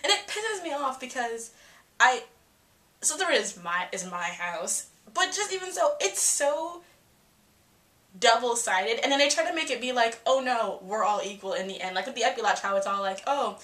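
A young woman giving a casual, profane, animated film review, often breaking into quoted asides. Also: on the high side, moderate pace.

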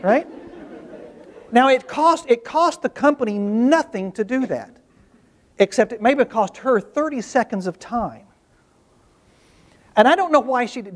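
A man speaking as a workshop presenter, telling stories to an audience in a conversational way with frequent restarts. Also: high-pitched. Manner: conversational storytelling with restarts and asides.

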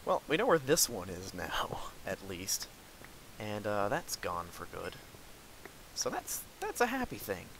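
Excitable young man narrating gameplay. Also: on the low side, unhurried, slight background noise, poor audio. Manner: excitable, talks to himself and the enemies, frequent laughs and outbursts. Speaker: gaming video host. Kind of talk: live gameplay commentary.

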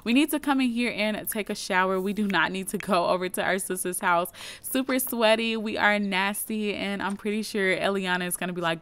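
A woman's voice: mid-range voice, moderate pace, fairly bright tone, smooth. A woman casually narrating her life-sim gameplay as a video host, chatting to her viewers. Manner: chatty, addresses viewers as "you guys". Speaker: gaming YouTuber. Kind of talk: casual let's play commentary.

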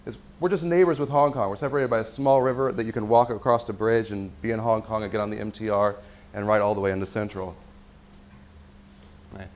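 A man casually briefing a group from a map, pointing out places one by one. His voice sits at an ordinary pitch and his tone is relaxed. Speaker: event organizer.

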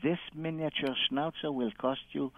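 A man's voice: a little high, fairly even intonation, moderate pace, dry recording, phone-quality sound. A man calling in and telling a long anecdote, acting out every quoted line with loose, non-standard grammar. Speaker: caller. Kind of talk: animated anecdote storytelling.

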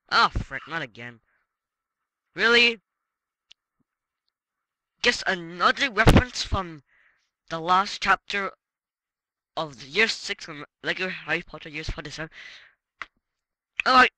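A man giving casual gameplay commentary as a let's play gamer, excitable and swearing, with frequent exclamations. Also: high voice, unhurried, pauses often, dry recording, poor audio.

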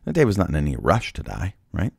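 A man hosting a devotional Bible podcast, talking in a chatty way and firing rhetorical questions at listeners. His voice is extremely deep, with a gravelly, husky fry. The sound is dry and close, with no room in it. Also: wildly swooping pitch, quick pace, a little mellow, no echo. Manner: conversational, rhetorical questions, restarts. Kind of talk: devotional talk and prayer.

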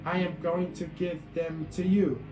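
A man voicing a big, gentle young male bird who runs a shop, read in a friendly storybook way. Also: high-pitched, flat delivery, a little slow. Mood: kind. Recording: echoey room with guitar music.

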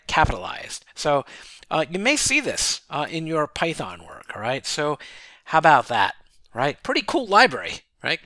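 A man walking through a programming tutorial in a chatty, casual way, often checking in with "right?" and filling pauses. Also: fairly high pitch, bright, forceful tone, no room sound. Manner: chatty, frequent "right?" check-ins and fillers. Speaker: programming instructor.

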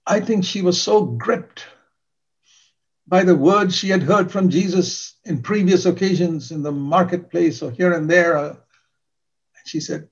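A man's voice: high-pitched, unhurried, lo-fi sound. An older man preaching a sermon in an earnest, emphatic way, repeating key words for stress.

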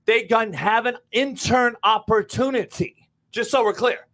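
Loud, bright, high-voiced man arguing. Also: normal speed. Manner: loud, combative, swears often. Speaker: sports talk show host. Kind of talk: heated sports debate.

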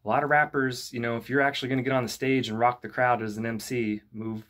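A young man who teaches rap at a youth club, explaining lyric writing in a relaxed, conversational way full of "you know" and "kinda". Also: medium pitch, fast talker. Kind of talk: casual instructional talk to camera.

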